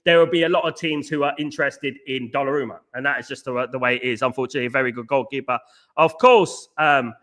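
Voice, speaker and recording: A man's voice: mid-range voice, fast talker, fairly bright tone. Chatty man hosting a football stream. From London. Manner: repetitive, many fillers and restarts, combative. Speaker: host of a football fan livestream. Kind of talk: casual livestream chat reading viewer comments.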